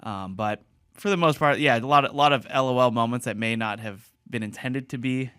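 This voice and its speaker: Man, podcast co-host, casual chat, animated, mid-pitched, dry close sound. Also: brisk, clear, resonant tone, no room sound. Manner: animated, laughs often, trails off and restarts.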